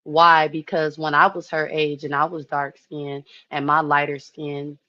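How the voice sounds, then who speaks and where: A woman in her early thirties telling a personal story to her viewers in a chatty, animated way, often saying "you know". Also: low-pitched, a little slow, no room sound, muffled recording. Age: 30s. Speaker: vlogger.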